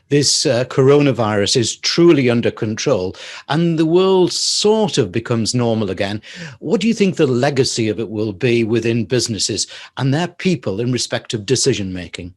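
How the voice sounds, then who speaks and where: A man hosts an interview, asking his questions briskly and in a friendly way. His voice sits at an ordinary middle pitch. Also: expressive. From northeast England. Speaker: talk show host. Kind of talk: hosting an interview.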